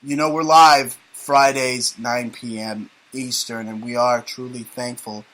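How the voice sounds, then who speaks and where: A man's voice: mid-range voice, fairly even intonation, a little slow, fairly bright tone, low-quality recording. A man hosting a talk radio show, sarcastic and rambling in casual banter.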